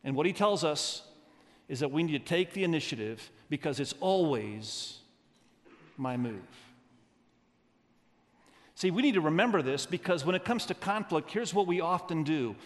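A man preaching a sermon as pastor, animated and leading the congregation in call-and-response. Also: fairly high pitch, a little fast. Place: large church. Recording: church sound with long hall reverb.

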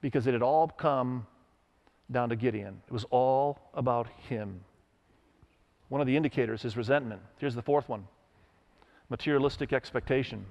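A man's voice: medium pitch, moderate pace, vocal fry, pauses often, darkish tone. A middle-aged man preaching a sermon to his church, telling stories and acting out the people in them, with emphatic rises in his voice. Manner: storytelling with acted quotes, emphatic rises. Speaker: pastor.

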